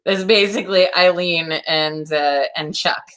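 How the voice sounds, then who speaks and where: A woman co-hosting a casual true-crime podcast, telling the story in an animated way. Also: measured pace, smooth. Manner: animated storytelling, acts out quotes in a high voice. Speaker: podcast co-host.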